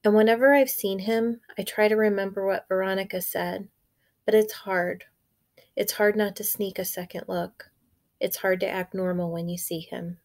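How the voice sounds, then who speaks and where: A woman's voice: medium pitch, normal speed. Woman teacher reading aloud. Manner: clear, expressive storytelling. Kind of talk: read-aloud narration of a children's novel.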